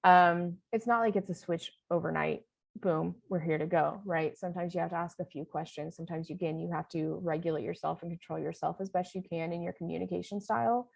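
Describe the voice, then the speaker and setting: A woman's voice: on the low side, fairly even intonation, fairly quick, gravelly, darkish tone, dry recording. A woman leading a training session in a conversational lecture style, often checking in with "right?".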